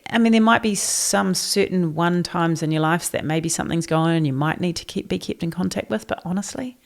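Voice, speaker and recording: Gravelly New Zealand woman, emphatic guest. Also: fairly low pitch, fairly quick. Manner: emphatic, animated, forthright. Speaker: podcast guest, neuroscience trainer. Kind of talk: casual interview chat.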